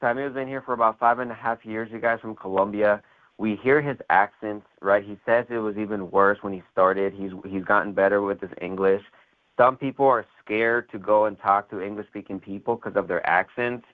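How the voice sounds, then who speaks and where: Brief: male host, deep-ish voice, rambling pep-talk style, tinny phone line. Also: steady tone, moderate pace. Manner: rambling, many fillers and "right?" tags. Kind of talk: motivational sales call interview.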